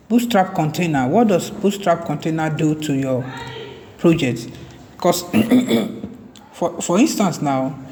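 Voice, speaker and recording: A man teaching a coding tutorial, talking slowly and often repeating and restarting words as he types. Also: a little high, a little mellow. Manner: slow, repeats and restarts words while typing. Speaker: web development tutor. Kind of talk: screen-recorded coding tutorial. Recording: reverberant room with faint ambient noise.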